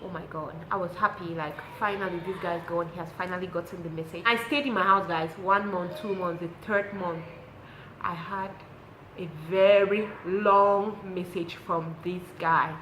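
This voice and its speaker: The recording is rough and roomy, with a bit of hiss or hum, as a young lifestyle vlogger with a Cameroonian English accent shares a personal story. Her voice is on the low side at a moderate pace, and she animatedly acts out what others said.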